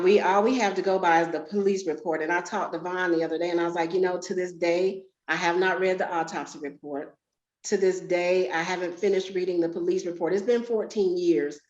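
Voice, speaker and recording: Woman, forties, candid storyteller, lowish voice, echoey lo-fi room sound. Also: steady tone, fairly quick, a little mellow. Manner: candid, conversational, emotional at times. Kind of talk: personal storytelling. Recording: roomy, dull lo-fi sound.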